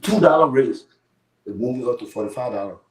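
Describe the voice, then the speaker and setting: Blunt, animated Liberian man, roomy sound. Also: mid-range voice, a little fast, far from the mic, slight background noise. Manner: blunt, animated, swears freely. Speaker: interview guest. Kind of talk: live interview storytelling. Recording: echoey room, voice off-mic.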